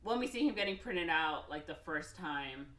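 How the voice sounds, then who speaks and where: A woman co-hosting a podcast, casually retelling a film with many fillers and quick acted-out quotes. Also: low-pitched, expressive, fairly bright tone, reverberant. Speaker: podcast co-host recapping a film. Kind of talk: casual chat.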